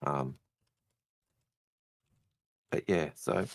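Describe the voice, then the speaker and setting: Man, very deep voice, casual gaming chat, measured and hesitant, dry close sound. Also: gravelly, no room sound. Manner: measured, hesitant, many fillers. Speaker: co-host of a game Q&A show.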